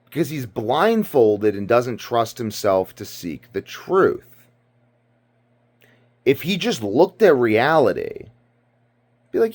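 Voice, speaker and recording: A man's voice: mid-range voice, big pitch swings, takes it slowly, long pauses, darkish tone. A man from Britain giving rambling casual commentary, ranting and profane, full of fillers. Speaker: video commentator.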